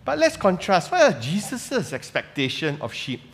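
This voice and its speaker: Male pastor, chatty preaching with many questions to the room, slightly high voice, echoing sanctuary. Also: huge pitch swings, normal speed. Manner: conversational preaching with fillers and rhetorical questions. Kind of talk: sermon. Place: church sanctuary. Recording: long reverb of a church hall.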